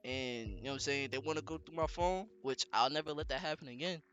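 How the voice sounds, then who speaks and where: A young man casually telling a story on a podcast, slangy and animated, with lots of fillers. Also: on the high side, fast, crowd noise. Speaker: podcast co-host.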